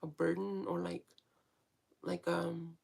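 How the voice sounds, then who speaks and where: Woman vlogging, super gravelly fry-heavy voice, rambles and swears a lot. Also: fairly low pitch, flat delivery, takes it slowly, a little mellow, a little hiss or hum. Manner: frank, swears freely, many fillers and restarts. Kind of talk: casual rambling monologue.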